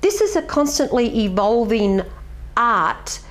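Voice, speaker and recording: A woman's voice: fairly high pitch, big pitch swings, takes it slowly. A middle-aged woman, a martial arts master giving earnest, reflective interview answers and telling stories with animation.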